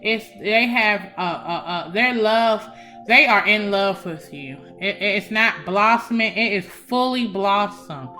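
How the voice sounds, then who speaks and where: A woman's voice: mid-range voice, expressive, slow pace. A young woman giving a casual psychic love reading, emphatic and chatty, speaking straight to her viewers. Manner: warm, emphatic, addresses viewers as y'all. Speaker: tarot reader. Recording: faint background music.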